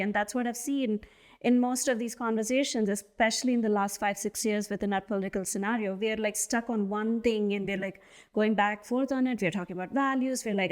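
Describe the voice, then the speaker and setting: A woman's voice: a little high, a little mellow. Enthusiastic woman hosting a podcast. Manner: enthusiastic, casual, many "like" fillers. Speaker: podcast host. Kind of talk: conversational interview.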